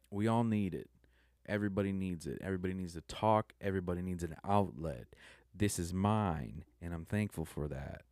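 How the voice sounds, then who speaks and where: A man's voice: deep voice, darkish tone, no echo, clean studio sound. A young adult man giving a subdued, rambling confessional monologue that halts and restarts often. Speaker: vlogger.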